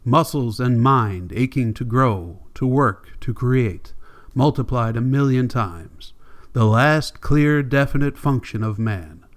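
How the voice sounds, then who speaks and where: A man reading a classic novel aloud as an audiobook narrator, measured and deliberate, with long pauses. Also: medium pitch. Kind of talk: scripted narration.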